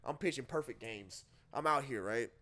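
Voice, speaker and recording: A man's voice: mid-range voice, normal speed. A young man telling a party story in casual talk, swearing and laughing often. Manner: animated, profane, laughs through the telling.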